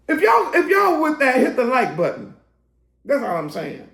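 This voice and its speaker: Man, preacher, hoarse, gravelly, emphatic sermon, roomy echo. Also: very high voice, wildly swooping pitch, moderate pace. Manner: rising to emphatic, shouted preaching. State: voice getting hoarse. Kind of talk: sermon preaching to online viewers.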